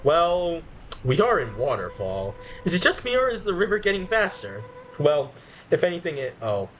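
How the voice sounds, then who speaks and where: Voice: mid-range voice, very animated, moderate pace, a little hiss or hum. A gamer giving casual gameplay commentary, reading game text aloud and often breaking into laughs. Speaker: let's play gamer.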